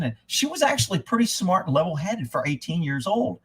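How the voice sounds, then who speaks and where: A man's voice: high-pitched, big pitch swings, fairly quick, hardly any pauses, husky. A man hosting a live stream, telling a story and ranting in heated, profane casual talk that rambles and breaks off mid-thought. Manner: rambling, with self-interruptions. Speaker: livestream host.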